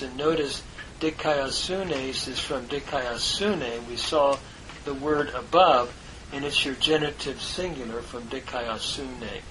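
A man teaching a verse-by-verse Greek lesson, parsing each word in a deliberate, halting way with many fillers. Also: medium pitch, noisy background. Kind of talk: slow parsing of a biblical text.

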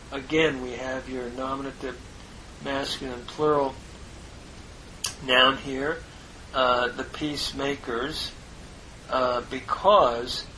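Slow, halting man teaching Greek. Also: a little high, fairly bright tone, a little hiss or hum, poor audio. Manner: deliberate, halting, with many fillers. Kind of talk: slow parsing of a biblical text.

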